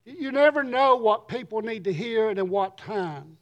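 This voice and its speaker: A middle-aged man, a pastor, preaching a sermon in an earnest way and reading scripture slowly with emphasis. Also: high-pitched, expressive, dull audio.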